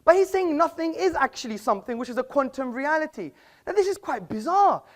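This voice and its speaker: A man's voice: very high voice, big pitch swings, brisk. A man giving a formal debate speech in an auditorium, lecturing and argumentative, with rhetorical questions.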